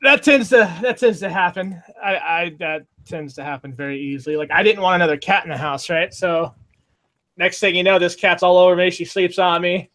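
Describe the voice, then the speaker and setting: A man co-hosting a podcast in casual chat, chatty and quick to laugh. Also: high-pitched, sharp tone. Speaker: podcast co-host.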